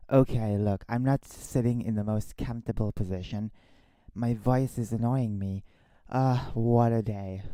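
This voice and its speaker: Male streamer, lowish voice, dry close mic; slow rambling complainer who corrects himself. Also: dry recording. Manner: rambling, complaining, restarts and re-says lines; drops to a hushed voice at times. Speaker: livestreamer. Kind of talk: casual solo livestream chat. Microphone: own desktop microphone.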